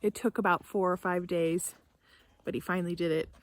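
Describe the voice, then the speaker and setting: A woman's voice: on the low side, steady tone, brisk, a little hiss or hum. A young woman vlogging from her barn, talking casually to the camera and her cow, emotional and tearful at times. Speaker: homesteader vlogger. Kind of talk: casual vlog talk to camera.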